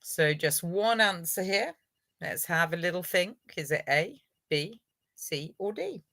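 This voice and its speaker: A woman's voice: fairly low pitch, expressive, a little slow, pushed and bright, no room sound. A woman hosting a live online revision lesson, encouraging viewers and running a quiz. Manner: encouraging, upbeat, praises viewers.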